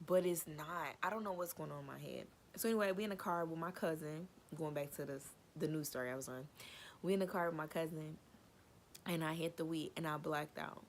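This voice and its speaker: Low-voiced girl doing a storytime vid, slangy, cussing, acting out everybody's lines. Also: fairly quick, a little hiss or hum. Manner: animated, slangy, swears freely, acts out quotes. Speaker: storytime vlogger. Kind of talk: casual storytelling.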